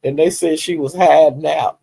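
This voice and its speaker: Gravelly, gossipy male livestream commentator. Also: fairly high pitch, normal speed, poor audio. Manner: animated, laughing storyteller who acts out quotes.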